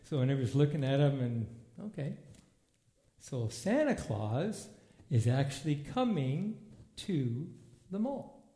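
A man teaching a Bible lesson in a church hall in a loose, lively way, acting out scenes in different voices. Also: medium pitch, a little slow. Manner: animated, acts out movie scenes in voices. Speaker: preacher. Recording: echoey room.

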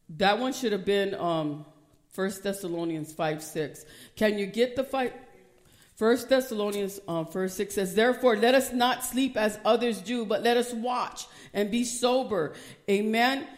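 A middle-aged woman preaching a sermon, reading scripture aloud and rising to loud, emphatic calls. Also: mid-range voice, a little slow.

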